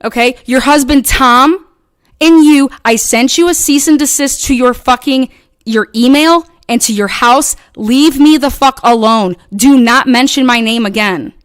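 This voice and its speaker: A woman tears into her critics in a heated, profanity-laced livestream rant. Her voice sits somewhat high and is recorded close and dry, with no room sound. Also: unhurried, clear, resonant tone, no room sound. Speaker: channel host.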